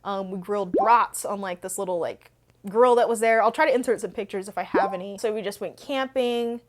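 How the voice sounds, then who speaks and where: A woman's voice: medium pitch, brisk. A young adult woman hosting a book channel, telling stories in a chatty, rambling way full of fillers. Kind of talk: casual Q&A storytelling.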